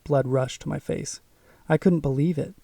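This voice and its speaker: A man narrating a first-person audiobook in a measured, suspenseful way. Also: fairly high pitch, steady tone, gravelly, warm tone, dry recording, far from the mic.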